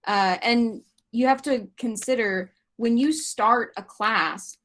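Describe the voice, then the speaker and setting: A woman's voice: a little high, slow pace, a bit bright. A woman leading an online panel discussion over a video call, explaining ideas thoughtfully with frequent fillers. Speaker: discussion facilitator.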